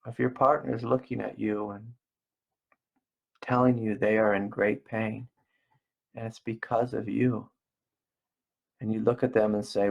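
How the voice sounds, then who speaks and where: A middle-aged man giving a gentle, slow spiritual talk as a meditation teacher, repeating phrases softly. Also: on the low side, flat delivery, creaky, breathy edge, lo-fi sound. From United States. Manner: slow, gentle and soft-spoken with repetitions.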